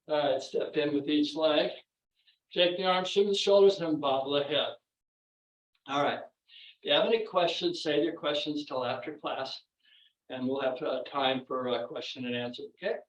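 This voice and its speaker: A man teaching a virtual tai chi and qigong class. He calls out the breathing and the moves calmly and laughs often. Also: a little high, normal speed, lo-fi sound. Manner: calm, instructive cueing with frequent light laughs. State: a little out of breath. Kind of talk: guiding a virtual exercise class. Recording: roomy echo, distant from the mic.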